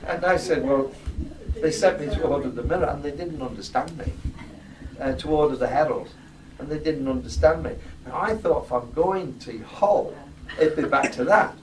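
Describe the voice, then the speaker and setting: A man from Yorkshire, giving an informal campaign speech to local residents. He is jokey and blunt and throws questions to the crowd. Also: medium pitch. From Yorkshire, England. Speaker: politician addressing local residents. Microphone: distant microphone. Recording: roomy, distant, noisy ambience.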